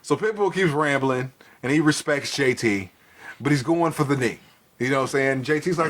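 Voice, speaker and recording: A man's voice: on the high side, brisk, fairly bright tone. A man co-hosting a casual wrestling review podcast, swearing freely, laughing often and acting out wrestlers' lines. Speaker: podcast co-host.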